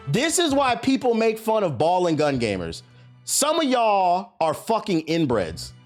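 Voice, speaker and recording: High-voiced ranting male streamer. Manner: profane, mocking, ranting. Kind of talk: heated live-stream rant.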